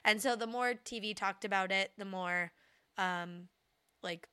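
A woman co-hosting a podcast in casual chat, animated and sarcastic, with many fillers. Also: mid-range voice, a little slow, clean tone, no room sound. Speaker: podcast co-host.

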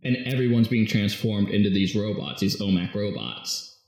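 A man in casual chat, animatedly retelling a comic story and slipping into quick quoted voices. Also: on the low side, lively intonation, gravelly, darkish tone. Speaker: podcast co-host recapping a comic. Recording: echoey room.

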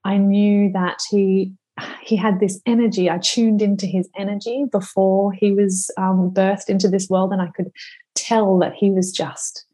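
A woman in her thirties, a podcast guest speaking slowly and reflectively, at times emotional. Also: mid-range voice, flat delivery, mellow. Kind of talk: conversational interview.

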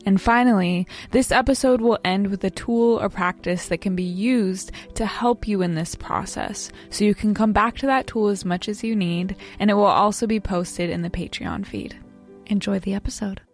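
A woman calmly introducing a podcast season, gently guiding listeners to breathe and reflect. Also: mid-range voice, moderate pace, soft background music.

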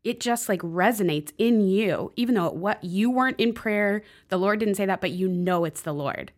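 A woman in casual conversation who tells stories with energy and laughs a lot. Her voice sits at an average pitch. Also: moderate pace. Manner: lively storytelling, laughs easily. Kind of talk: casual chat.

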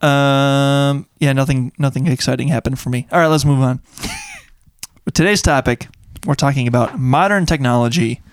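A man's voice: medium pitch, huge pitch swings, normal speed, no room sound. Dry-humored man hosting a podcast. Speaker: podcast host. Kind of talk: casual chat. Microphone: handheld mic.

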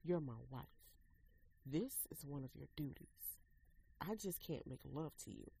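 A woman's voice: sits low, animated, measured pace, vocal fry, mellow, breathy edge, full character voice, rough recording. A woman reading a story aloud, voicing a stern, blunt husband who speaks coldly and demands what he wants. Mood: cold, demanding. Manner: cold, demanding.

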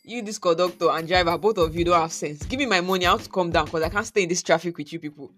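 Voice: mid-range voice, fast, fairly bright tone, faint music behind, natural voice. A vlogger with a Nigerian accent voicing an entitled male officer who refuses to pay, speaking arrogantly in pidgin.

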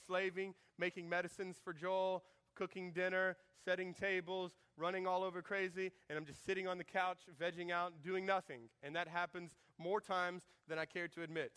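Animated high-voiced male pastor. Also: clean tone. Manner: animated, jokey, acts out quotes in shifting voices. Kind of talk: sermon.

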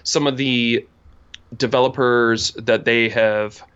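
Brief: male co-host, bright forceful tone, relaxed and hesitant delivery. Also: mid-range voice, slow pace, clean tone, muffled recording. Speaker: podcast co-host. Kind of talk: casual chat.

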